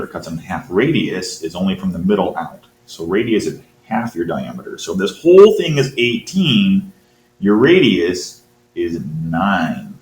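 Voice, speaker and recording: A man teaching math, thinking aloud as he works through a quiz problem and encouraging his students. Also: low voice. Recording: roomy with faint hum.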